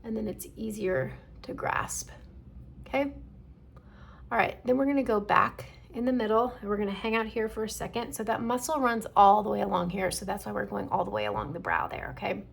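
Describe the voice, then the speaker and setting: Gravelly husky woman teaching skincare. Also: mid-range voice, fairly quick. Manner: calm instructive, checks in with "okay?". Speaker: esthetician. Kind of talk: skincare demonstration.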